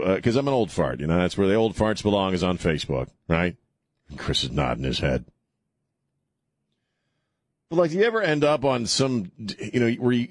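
A man's voice: lowish voice, no echo, clean studio sound. A middle-aged man hosting a call-in radio show, rambling and sarcastic as he restarts his sentences. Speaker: radio talk show host. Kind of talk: casual talk radio monologue. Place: radio studio.

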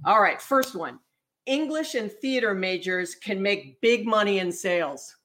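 A woman's voice: medium pitch, expressive, unhurried, a bit bright. A woman hosting an interview podcast, upbeat and friendly as she talks with her guest. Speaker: podcast host. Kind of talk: hosted interview.

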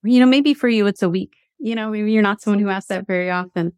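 A middle-aged woman, a coach and university teacher, tells a story in a motivational talk with lively asides and restarts. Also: medium pitch, fast, clear, resonant tone, no room sound, clean studio sound.

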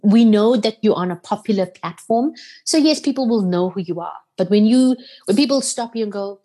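A South African woman from Durban speaks as a podcast guest, her voice at an ordinary middle pitch. She tells personal stories with heartfelt feeling and lively acted-out quotes. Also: brisk. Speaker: radio presenter, podcast guest. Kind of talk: emotional interview storytelling.

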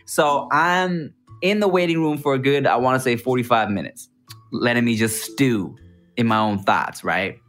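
Comic storyteller, male, animated, acts out voices, faint music underneath. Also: medium pitch, normal speed. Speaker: guest storyteller. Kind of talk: comic travel anecdote.

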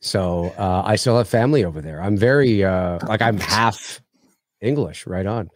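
A man's voice: on the low side, moderate pace, no echo. Canadian male host, easygoing chat, dry close sound. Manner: relaxed, chatty, laughs often. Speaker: podcast host. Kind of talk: casual live-stream chat.

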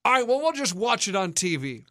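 High-pitched guy in his 30s telling a story, animated, does all the voices, dry close sound. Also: fairly quick, no room sound. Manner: animated, acts out quoted voices. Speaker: podcast host. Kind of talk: casual storytelling chat.

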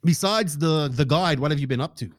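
A man hosting a casual podcast, joking, excitable and swearing freely while he thanks sponsors and chats with a guest over a remote call. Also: medium pitch, quick pace, dry recording, clean studio sound. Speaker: podcast host. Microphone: podcast microphone, remote call.

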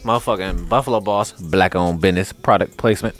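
Animated man telling a story. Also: low voice, brisk, faint music behind. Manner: animated, slangy, laughs while telling stories. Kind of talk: casual chat, storytelling.

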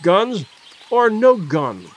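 A man voicing a gallant young Englishman, earnest and quick to anger. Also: a little high, very animated, slightly rough. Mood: indignant. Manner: earnest, indignant.

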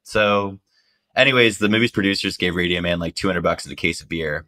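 A man tells a story in casual conversation, his voice very low yet bright and forceful. He is animated, jumping into high voices for the people he quotes. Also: fairly quick. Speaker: reporter telling a story.

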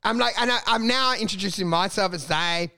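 A young man with a high, gravelly voice and a bright, tense edge, co-hosting a casual comedy podcast. He tells animated stories, leaps up in pitch to act out other people, and laughs through his lines. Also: a little fast, a little hiss or hum. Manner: animated storyteller, acts out quotes with big pitch jumps, laughs often.

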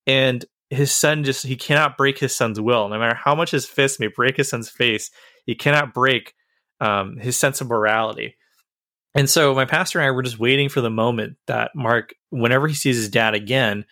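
A man's voice: medium pitch, normal speed, bright, forceful tone, no room sound. Man earnestly retelling a story, dry sound. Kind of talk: casual chat.

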